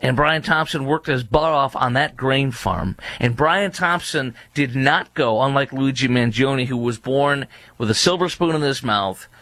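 A man's voice: medium pitch, measured pace, fairly bright tone, no echo. A man giving indignant opinion commentary, mocking and asking repeated rhetorical questions, with many fillers. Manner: frequent fillers and restarts. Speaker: political commentator.

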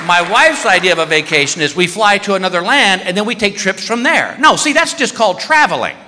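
A middle-aged man doing stand-up, telling a story in an exasperated, animated way. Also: sits high, fairly quick, crowd noise. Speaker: stand-up comedian. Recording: hall reverb, faint noise.

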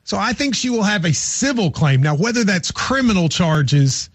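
A man's voice: high voice, big pitch swings, moderate pace, breathy edge, no room sound. A man co-hosting a sports radio show who teaches law, explaining at length with joking asides. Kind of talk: casual sports radio chat.

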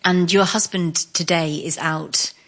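A woman presenting and interviewing, asking gentle, probing questions. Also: fairly low pitch, fairly even intonation, measured pace. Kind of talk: radio-style presenting and interviewing.

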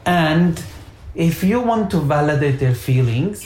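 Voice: medium pitch, animated, a little slow, a little mellow, slight background noise. Therapist guest, patient step-by-step explainer, roomy sound. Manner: explains step by step with everyday examples. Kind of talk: casual advice chat. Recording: echoey room.

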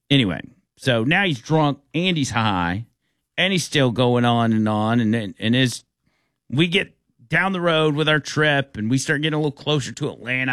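A radio talk show host with a mid-range voice tells a story casually, animatedly acting out the people in it. The recording is dry, with clean studio sound.

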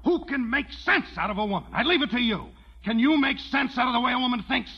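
A blustering, short-tempered rancher rants and bellows in a husky, high voice that leaps all over the place. The sound is dull and lo-fi, like an old film soundtrack. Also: male voice, animated, quick pace, heavily acted. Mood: ranting. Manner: ranting, bellowing complaints.

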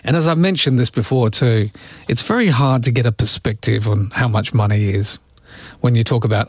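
A man's voice: medium pitch, normal speed, no echo, clean studio sound. A man with an Australian accent hosting a radio show in a chatty, jokey, rambling way, his voice often leaping up. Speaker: radio host. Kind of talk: casual radio chat. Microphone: studio microphone.

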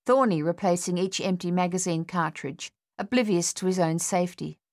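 The speaker is a woman with a voice on the low side, narrating an audiobook. Her scripted storytelling is measured and steady.

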